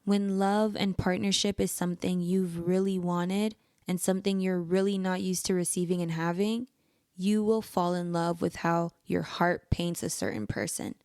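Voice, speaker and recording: A woman's voice: fairly low pitch, level tone, normal speed, creaky, a little mellow, dry recording, studio quality. A young woman hosting a podcast, earnestly giving relationship advice straight to the listener in an encouraging way. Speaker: podcast host. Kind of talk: personal advice monologue.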